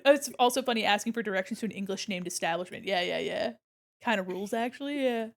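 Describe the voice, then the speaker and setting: A young woman streaming as she draws, chatting casually and muttering softly to herself as she works. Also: medium pitch, quick pace. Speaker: streamer drawing live. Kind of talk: casual chat while drawing.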